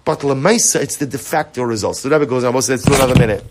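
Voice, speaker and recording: A middle-aged man teaching a Torah class to his study group, animated and repetitive, often acting out inner voices. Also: mid-range voice, racing, over loud music. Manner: animated, repetitive, acts out inner voices, mixes Hebrew terms.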